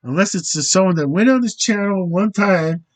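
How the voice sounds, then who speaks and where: A man's voice: sits high, expressive, moderate pace, low-quality recording. A man hosting his own channel in a rambling, hesitant casual monologue, often stopping short and fumbling over foreign words. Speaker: channel host.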